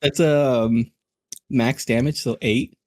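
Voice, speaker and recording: A man's voice: medium pitch, steady tone, takes it slowly, darkish tone, no echo. A man playing at a tabletop game, laughing and chatting loosely. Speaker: player. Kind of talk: casual tabletop play.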